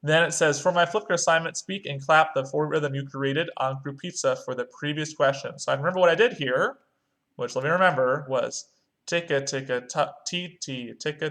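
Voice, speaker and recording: A man's voice: mid-range voice, fairly bright tone. A male music teacher, walking young students through a screen-recorded online lesson step by step. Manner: talks through clicks step by step, chants rhythm syllables.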